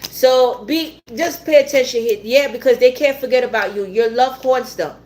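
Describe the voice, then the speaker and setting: A woman's voice: on the high side, normal speed, darkish tone. A woman giving a tarot reading in a blunt, repetitive way, swearing now and then. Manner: blunt, swears, repeats herself, laughs often. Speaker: tarot reader.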